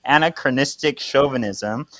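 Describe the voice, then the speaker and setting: A man's voice: mid-range voice, normal speed, bright, forceful tone, dry recording, lightly acted. A man reading the lines of a fed-up young woman who tells off a man, exasperated and emphatic.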